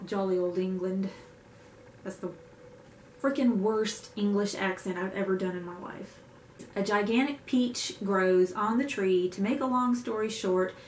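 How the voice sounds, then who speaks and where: Young woman, book vlogger, casual chat, self-mocking, echoey room, slight hiss. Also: medium pitch. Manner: chatty, self-mocking asides.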